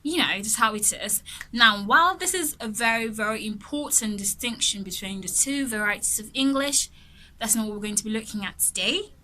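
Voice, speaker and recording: A woman's voice: a little high, lively intonation, normal speed, pushed and bright. A young woman teaching English pronunciation in a casual online lesson, chatty and often laughing as she explains. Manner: chatty, laughs often, repeats and restarts phrases.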